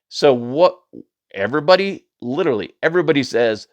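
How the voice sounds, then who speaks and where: A man's voice: mid-range voice, normal speed, no room sound, clean studio sound. Chatty man hosting a comedy podcast. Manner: animated, chatty, laughs at his own stories. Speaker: podcast host. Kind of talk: casual comedic storytelling.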